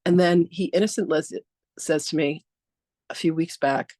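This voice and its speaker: A woman hosting a talk, introducing her guest through a chatty, animated story and often laughing. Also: sits low, normal speed, no room sound, clean studio sound. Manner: animated, acts out dialogue with "I'm like".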